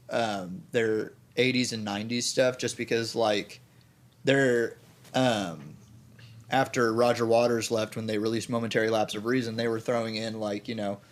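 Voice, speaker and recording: A man with an Oklahoma accent, chatting casually as a band member on a podcast, opinionated and cussing freely. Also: medium pitch. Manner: opinionated, swears freely, trails off in fillers.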